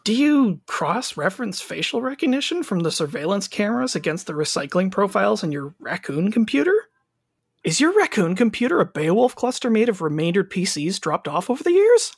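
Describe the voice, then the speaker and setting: A man's voice: sits high, sing-song, fairly quick, gravelly, husky, no echo, studio quality, exaggerated voice. A man playing an eager radio co-host in a comedy radio show. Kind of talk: comedic radio play acting.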